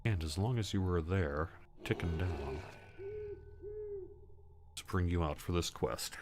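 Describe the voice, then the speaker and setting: A man's voice: low voice, slow, darkish tone, slight background noise. A man hosting a casual gaming livestream, chatting loosely and answering viewer questions as he plays. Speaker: livestream host.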